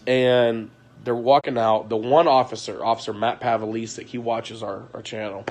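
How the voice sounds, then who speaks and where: A man speaking in an emotional confessional monologue, retelling events in an agitated way with sharp swings from loud to quiet, frequent restarts and blunt swearing. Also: mid-range voice, fairly even intonation, normal speed. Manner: agitated storytelling, voice rising and falling sharply. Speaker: vlogger.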